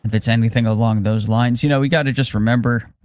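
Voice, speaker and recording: A man's voice: mid-range voice, steady tone, fast, darkish tone, no room sound. A male co-host in casual livestream chat who thinks aloud over a video call, with lots of fillers.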